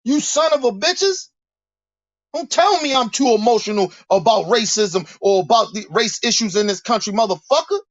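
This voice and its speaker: A man's voice: high voice, animated, moderate pace, no echo, muffled recording. A man delivering a heated, profane monologue rant, preaching and repeating himself as he builds his points. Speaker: commentator.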